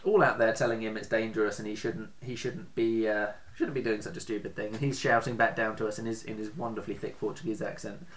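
A man's voice: on the low side, steady tone, fast, hardly any pauses, fairly bright tone. A man hosting a casual podcast, telling stories in a chatty way and laughing often. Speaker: podcast host.

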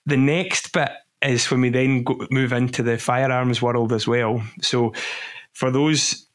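Measured male podcast host. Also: medium pitch, steady tone. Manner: measured, searching for words, restarts. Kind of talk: casual podcast interview.

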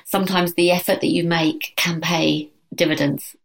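A woman's voice: on the low side, steady tone, normal speed, vocal fry. A woman who runs a business, speaking as a guest on a podcast in an enthusiastic, chatty way. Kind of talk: conversational podcast interview.

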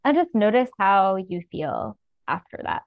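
A woman's voice: medium pitch, sing-song, measured pace, dry recording, highs cut off. A woman coaching listeners through a breathing practice in a soothing, earnest way, often saying "like". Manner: soothing, earnest, filler-heavy with "like". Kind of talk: guiding a breathing practice in casual talk.

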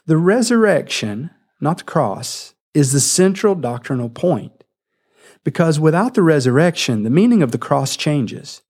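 Man preaching with animated storytelling. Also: on the high side, measured pace, breathy edge. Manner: animated storytelling, acting out the scene. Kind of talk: sermon.

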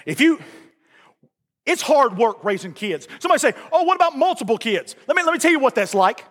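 A male pastor preaching a folksy sermon, repeating lines and building to shouts. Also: extremely high pitch, big pitch swings, fairly quick. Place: church sanctuary. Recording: reverberant church hall.

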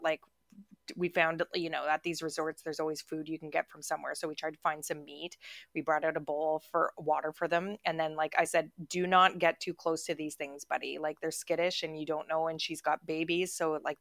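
A woman's voice: sits low, dry recording, clean studio sound. A woman in her forties co-hosting a podcast, chatting casually and telling stories with lots of "like" fillers and frequent laughter. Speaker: podcast co-host. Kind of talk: casual storytelling chat.

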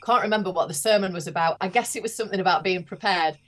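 A woman's voice: mid-range voice, racing, fairly bright tone. A woman priest with a regional English accent, speaking candidly and wryly about her experiences in an interview. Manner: candid, wry reflection. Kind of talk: conversational interview.

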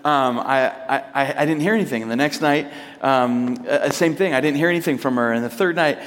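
A man's voice: mid-range voice, a little fast, fairly bright tone. A man in his thirties, a pastor, telling a long personal story in a casual, rambling way with many fillers and restarts. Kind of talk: storytelling sermon. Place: church service hall. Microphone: microphone. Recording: long hall reverb.

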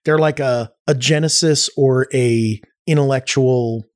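A man telling stories in a casual podcast chat, animated and rambling, with many restarts. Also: mid-range voice, measured pace. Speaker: podcast guest.

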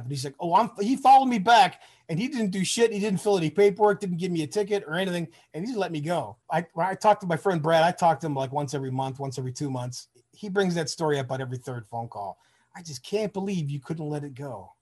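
A man's voice: high-pitched, animated, fast, a little mellow, breathy edge. A middle-aged man from Michigan, a former soldier, telling rambling, profane stories in a casual interview. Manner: rambling, profane, acts out quoted voices. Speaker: guest, Army veteran.

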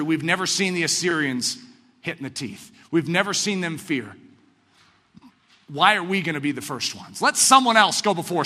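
A man preaching a sermon in an animated way, swinging from shouts to hushed tones. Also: sits high, in a large hall.

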